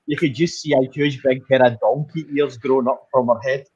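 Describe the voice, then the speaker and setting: A middle-aged man with a husky voice, telling swearing, animated stories in a casual group chat. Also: medium pitch, a little fast, lo-fi sound. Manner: swearing, animated storytelling with acted quotes. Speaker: chat participant.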